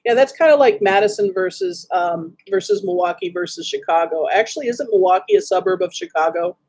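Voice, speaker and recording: Woman from Wisconsin, chatty livestream host, breathy husky tone, snarky asides. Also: lowish voice, expressive, fairly quick, darkish tone. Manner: chatty, greets viewers by name, snarky asides. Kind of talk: casual livestream chat.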